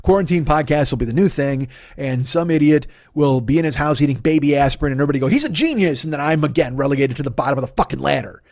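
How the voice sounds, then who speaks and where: Talking quickly with few pauses, a male comedy podcast host in his 40s rants, cursing heavily and ridiculing others in high, loud mock voices. The sound is studio quality with no echo.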